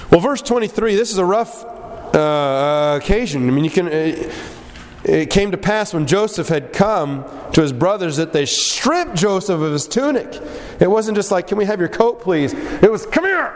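Animated preacher man in an echoey hall. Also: high voice, slight background noise. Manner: animated, acts out voices of characters in the story. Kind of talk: sermon. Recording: echoey hall with long reverb.

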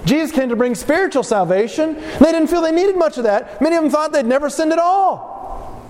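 A man preaching a sermon in a church hall, animated and firing rhetorical questions at his congregation. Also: very high-pitched, a little fast.

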